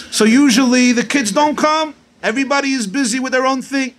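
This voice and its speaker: A rabbi preaching at a gathering, telling stories and jokes, mixing in Hebrew and Yiddish terms. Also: male voice, very high voice, brisk, few pauses, a bit bright, slight background noise.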